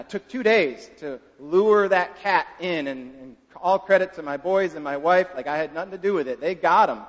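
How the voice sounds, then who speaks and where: High-voiced preacher in a dull echoing hall. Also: male voice. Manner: conversational, folksy, asks the listeners questions. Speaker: pastor. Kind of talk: sermon. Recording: dull reverberant hall sound.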